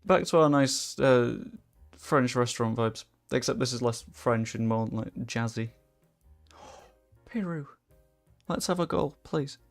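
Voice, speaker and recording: Gravelly man streaming a game. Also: mid-range voice, moderate pace, few pauses. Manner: chatty, swears freely, reacts loudly to play. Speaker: livestreamer. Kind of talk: casual livestream commentary while playing. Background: faint background music.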